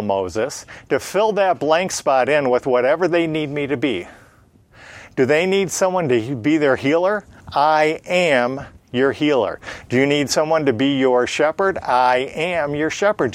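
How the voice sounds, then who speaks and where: A man's voice: fairly high pitch, no echo. A man teaching a Bible lesson in sermon style, asking rhetorical questions and answering them himself with emphatic repetition, with frequent filler sounds. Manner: frequent "uh" fillers, plain conversational delivery.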